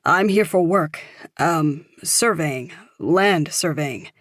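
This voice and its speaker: A woman's voice: low-pitched, dry recording, clean studio sound. A woman doing a panicked man on the run. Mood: urgent. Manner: urgent, rushed, pleading.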